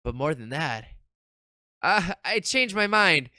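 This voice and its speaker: A streamer reads a visual novel's text aloud and reacts in an animated, casual way, swearing now and then. The voice is bright and crisp, with a dry, close sound. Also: mid-range voice, slow, no echo. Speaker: streamer playing a game. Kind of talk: casual let's-play commentary and reading.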